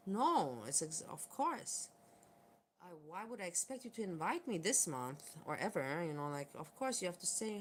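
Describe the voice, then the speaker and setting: A woman's voice: on the low side, animated, normal speed. A woman vlogger talking candidly and bluntly, swearing often as she vents to viewers. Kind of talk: candid vlog rant. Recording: faint background noise.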